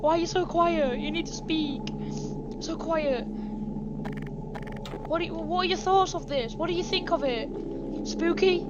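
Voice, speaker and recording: A woman vlogging a pretend spooky adventure, swinging dramatically between hushed whispers and excited shouts. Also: extremely high pitch, unhurried, pauses often, lo-fi sound, heavy background noise.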